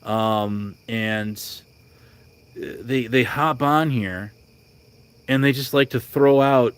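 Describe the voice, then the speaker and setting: A man's voice: medium pitch, takes it slowly, clean tone. A man hosting a livestream, ranting bluntly and rambling with many restarts. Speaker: livestream host. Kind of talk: casual livestream rant.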